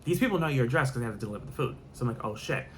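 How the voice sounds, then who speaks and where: A man's voice: medium pitch, animated, very fast, slight background noise. A man telling a rambling story-time vlog, repeating himself and swearing freely. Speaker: vlogger.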